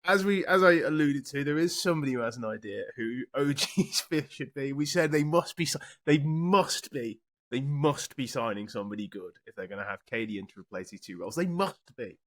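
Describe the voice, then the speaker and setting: A man's voice: medium pitch, lively intonation, fairly quick, few pauses, fairly bright tone. A man hosting a podcast in casual chat, with a dry, wry way of leading the talk. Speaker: podcast host.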